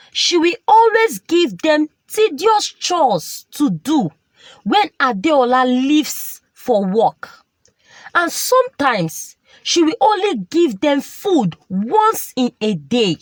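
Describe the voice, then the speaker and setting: A woman narrating a folktale in a slow, expressive storytelling manner. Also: high-pitched, no room sound.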